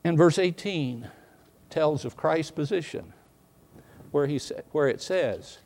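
A man's voice: a little high, expressive, takes it slowly. Emphatic preacher, man. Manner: preaching with rising, emphatic bursts and quiet asides. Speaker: pastor. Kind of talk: sermon.

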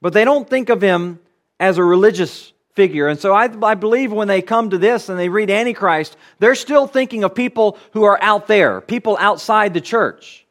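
A man with a high-pitched voice preaches an expository sermon. He teaches in an earnest, emphatic way and builds his points through repeated phrases. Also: moderate pace, a bit bright.

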